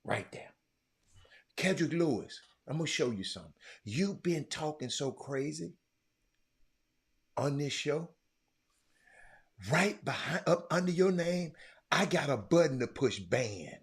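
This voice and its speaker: A man hosting a livestream, stammering and repeating himself, muttering low one moment and shouting the next. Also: big pitch swings, normal speed, pauses often, slightly rough. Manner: repetitive, stammering, talks straight to viewers; swings from quiet muttering to loud shouting. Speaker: livestream host. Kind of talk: casual livestream chat.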